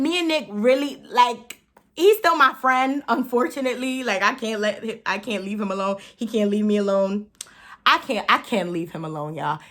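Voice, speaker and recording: A young woman, telling a story in a casual, profane, animated way while doing her makeup. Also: on the high side. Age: 20s. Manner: animated, profane, laughs often, acts out her own quotes. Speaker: beauty vlogger.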